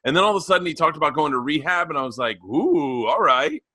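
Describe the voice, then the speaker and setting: Animated storyteller man, bright and dry. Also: a little high, fast talker, no echo. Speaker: podcast guest. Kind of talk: casual chat.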